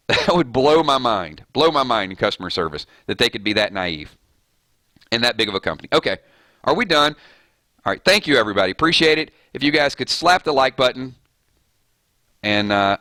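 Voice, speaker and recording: Male streamer, rambling and fired up; crisp forceful tone, close dry mic. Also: medium pitch, no room sound. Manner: fired-up, rambling, laughs often. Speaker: gaming streamer. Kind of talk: casual live-stream chat.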